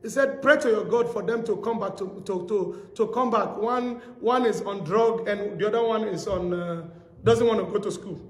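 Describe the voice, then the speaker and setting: A man preaching a sermon, telling stories with acted-out dialogue and rising to shouted exhortation. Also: high voice, moderate pace. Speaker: pastor. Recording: echoey hall reverb.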